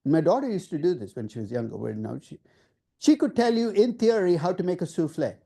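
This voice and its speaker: A man giving a classroom lecture as a professor, lively and emphatic, talking directly to students and asking them questions. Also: high voice, brisk, creaky, husky. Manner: lively, emphatic, conversational teaching with rhetorical questions.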